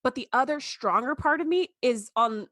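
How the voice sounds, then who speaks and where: A high, bright woman's voice with a lively, swooping pitch, recorded close and dry with no room sound. She co-hosts a casual podcast chat, talking emphatically and acting out the voices she quotes. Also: normal speed, no room sound. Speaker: podcast co-host. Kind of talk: casual chat about a TV episode.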